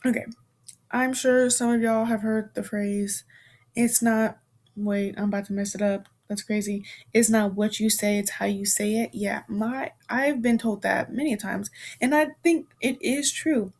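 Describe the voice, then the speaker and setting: A woman's voice: medium pitch, fairly even intonation, measured pace, a little mellow. A woman in her twenties hosting a podcast, talking in a casual, chatty way full of fillers and restarts, frank and playful with mild swearing. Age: 20s. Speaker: podcast host. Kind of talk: casual chat.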